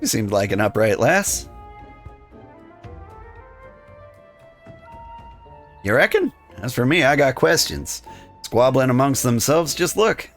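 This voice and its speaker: A man reading a gruff male rogue guild thief who talks in conspiratorial thieves' slang. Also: medium pitch, big pitch swings, moderate pace, a bit bright, soft background music. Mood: wry.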